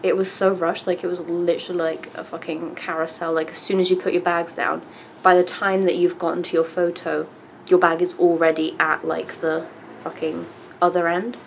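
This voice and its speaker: A woman's voice: on the low side, flat delivery, moderate pace, creaky, a little hiss or hum, low-quality recording. A young woman, telling a story casually to camera with lots of fillers and the odd swear. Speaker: vlogger.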